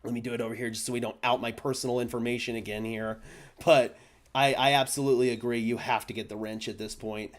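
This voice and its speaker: A young man hosting a fan live stream, stammering and overwhelmed, swinging from hushed thanks to shouting. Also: medium pitch, level tone, fast talker. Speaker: fan channel host.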